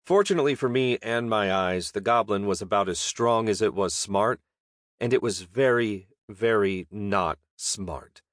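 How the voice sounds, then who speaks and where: A man narrating a fantasy audiobook with a wry, deadpan manner. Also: lowish voice, measured pace, no echo, studio quality.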